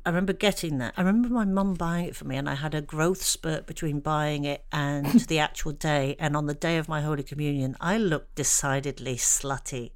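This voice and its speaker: A middle-aged woman from Ireland speaks as a guest comedian, her voice sitting on the low side. She is candid and self-deprecating, and her stories come with easy laughter. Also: a little fast, few pauses. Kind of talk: candid conversational interview.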